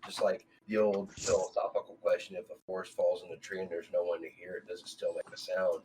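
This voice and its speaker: A young man with a deep, low voice holds forth on a group podcast, explaining ideas like a know-it-all. A clear hiss of background noise sits under his mic. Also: level tone, quick pace, warm tone, rough recording. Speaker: podcast co-host. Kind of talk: casual group chat.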